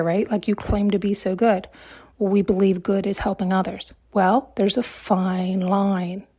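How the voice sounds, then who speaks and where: A woman's voice: fairly high pitch, creaky, darkish tone, breathy edge. A woman hosting a podcast, giving a reflective spiritual monologue, talking conversationally and driving her points home with rhetorical questions. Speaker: podcast host.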